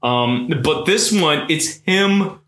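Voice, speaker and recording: A man co-hosting a casual podcast, reading articles aloud with profane, sarcastic asides in an animated way. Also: a little high, takes it slowly. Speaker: podcast co-host. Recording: roomy echo.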